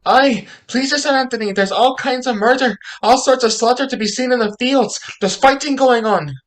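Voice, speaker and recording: A woman's voice: lowish voice, normal speed, natural voice. A woman playing a flustered country manservant. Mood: frantic. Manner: frantic, breathless alarm. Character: flustered rustic male servant, old-fashioned. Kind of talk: stage comedy acting.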